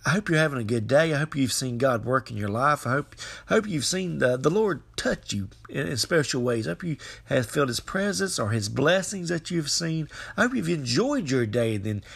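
A man's voice: big pitch swings, normal speed, creaky, a bit bright, slightly rough. A man preaching a devotional podcast sermon, repeating phrases and growing fervent as he urges listeners on. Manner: repetitive, fervent, rising pitch when exhorting.

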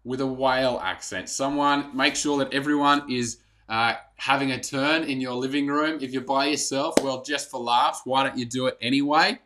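Give me a pastor, a man with a mid-range voice, preaching a relaxed sermon online. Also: mid-range voice, moderate pace, few pauses.

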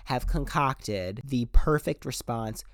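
A young adult man hosting a podcast, giving casual advice in an animated, profane, slangy way. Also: medium pitch, takes it slowly, no room sound, studio quality. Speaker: podcast host.

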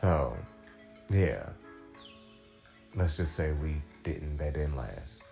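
Deep-voiced man telling a rambling, profane story. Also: animated, drawn-out words, vocal fry, warm tone, faint music behind. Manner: rambling, profane, fillers, acts out quotes with big pitch jumps. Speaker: podcast host. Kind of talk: casual storytelling monologue.

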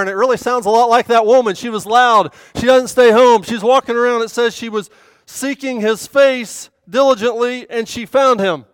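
Clear-voiced woman preaching earnestly. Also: on the high side, normal speed, no room sound. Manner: earnest, swelling loud and emphatic on key points. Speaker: women's speaker at a church service. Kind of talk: sermon with scripture reading.

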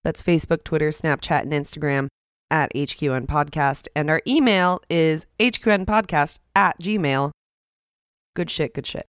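A woman's voice: sits low, normal speed, smooth, no room sound, clean studio sound. A young woman co-hosting a podcast with her sister at home, chatting casually, laughing often and swearing easily. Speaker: podcast co-host. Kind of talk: casual chat. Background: cat in the room.

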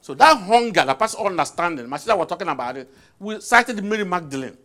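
A male preacher delivering a sermon in a fairly high voice that swoops up and down with great liveliness. He turns to his congregation with questions and repeats key phrases to drive them home. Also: animated, fast talker, sharp tone.

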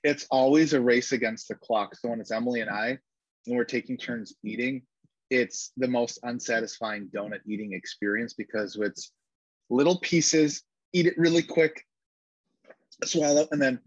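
A man's voice: mid-range voice, slightly rough, no room sound, dull audio. A man co-hosting a casual chat, joking and self-deprecating. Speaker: podcast co-host.

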